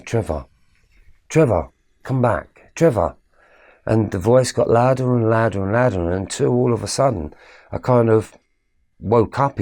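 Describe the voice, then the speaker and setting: A middle-aged man recounting a personal story with animated storytelling, growing quiet and low at emotional moments. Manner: animated storytelling with quoted exchanges. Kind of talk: personal story told to camera.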